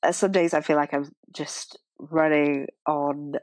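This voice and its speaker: A young British woman, a podcast guest, telling stories lively, acting out quotes and laughing. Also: low voice, measured pace, no echo. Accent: British English. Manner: animated, acts out quotes, laughs. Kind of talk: casual storytelling.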